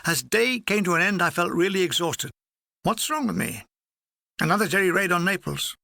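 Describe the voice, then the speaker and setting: A man reading his own war memoir aloud in a dry, wry, deadpan manner. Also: high-pitched, moderate pace, vocal fry, dry recording. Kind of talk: audiobook reading.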